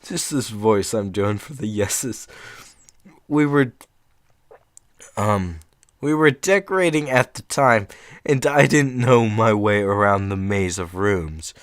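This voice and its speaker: A man's voice: on the low side, slow, pauses often, no echo, studio quality. A young man reading short horror stories aloud in a casual, rambling way, breaking off for chatty asides.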